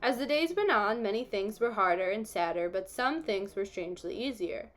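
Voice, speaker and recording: A woman reading a novel aloud, telling the story steadily and giving the characters gentle voices. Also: medium pitch, expressive, moderate pace. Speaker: audiobook reader.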